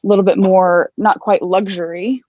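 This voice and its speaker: A woman fashion designer joining an interview over a video call, talking in a chatty, upbeat way with quick asides. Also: medium pitch, steady tone, no echo. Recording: slightly dull video call sound.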